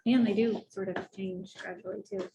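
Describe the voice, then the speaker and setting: A woman on a county board speaks with a gravelly, mellow voice at an everyday pitch. She is brisk and practical and keeps asking questions, and a faint hiss runs beneath her. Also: steady tone, highs cut off. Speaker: board member. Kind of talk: formal meeting discussion.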